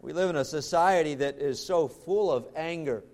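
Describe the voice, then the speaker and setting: Man, high voice, pastor, earnest sermon, slows and drops low for emphasis. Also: darkish tone.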